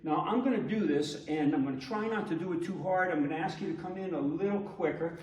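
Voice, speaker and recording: A man teaching a martial arts demonstration, explaining slowly and checking in with his listeners. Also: on the high side, darkish tone. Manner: measured, explanatory, checks in with "okay?". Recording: roomy echo from far off.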